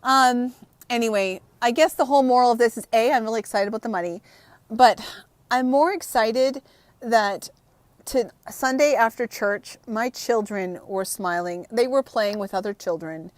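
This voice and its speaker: A woman's voice: a little high, normal speed, a little mellow, dry recording. Emotional, rambling vlogging mother. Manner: emotional, on the verge of tears; rambling, frank, with swearing. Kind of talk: unedited casual vlog chat.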